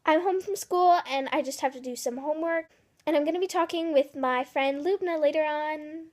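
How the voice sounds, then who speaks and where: Teen girl vlogger, high bright voice, chatty, reads quiz out loud. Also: moderate pace. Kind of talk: casual vlog narration.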